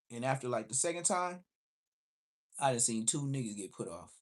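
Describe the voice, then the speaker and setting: A man's voice: medium pitch, lively intonation. A man from the Los Angeles area telling a street story, profane and slangy, acting out the voices in it. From Los Angeles area, USA. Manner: profane, slangy, quick to act out quotes. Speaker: livestream host.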